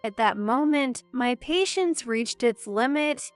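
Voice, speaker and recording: Woman reading a family drama story, slow and steady, clear smooth voice, light music underneath. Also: a little high, no echo. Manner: even, measured storytelling. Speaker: narrator. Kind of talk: first-person story narration.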